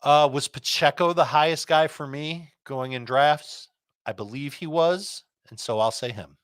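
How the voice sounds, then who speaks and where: A man giving quick, confident fantasy football start and sit advice, rattling off picks one after another. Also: fairly high pitch, a bit bright, smooth, dry recording.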